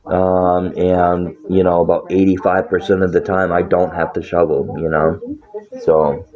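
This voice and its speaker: A very low-voiced man rambling casually and bluntly, swearing constantly and breaking into laughs. The sound is dull and lo-fi, like a cheap mic. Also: a little mellow. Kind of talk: casual profane monologue.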